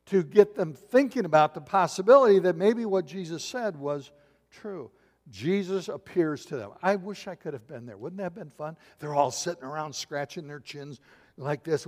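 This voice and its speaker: A man preaching a sermon, telling the story with humor and acting out the voices. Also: fairly high pitch. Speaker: pastor. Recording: long hall reverb.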